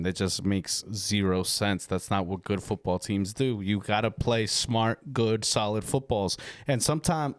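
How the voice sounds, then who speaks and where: A man co-hosting a sports podcast, ranting heatedly and swearing freely in casual talk. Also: lowish voice.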